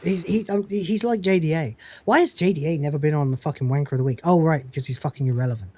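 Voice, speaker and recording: A man's voice: a little high, mellow. A British man hosting a live panel stream, mocking and swearing freely, laughing often. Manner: profane, mocking, quick to laugh. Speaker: livestream host. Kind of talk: casual panel chat.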